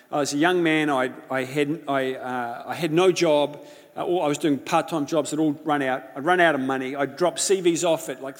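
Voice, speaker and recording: Pastor, male, fairly high voice, impassioned storyteller; long hall reverb on the voice. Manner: impassioned storytelling, swings from loud to hushed. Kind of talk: sermon.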